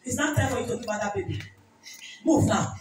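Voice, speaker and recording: A woman's voice: a little high, lively intonation, a little fast. A woman pastor with a Nigerian accent leading a deliverance ministration, issuing repeated rebuking commands. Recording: echoey church hall from far off with music.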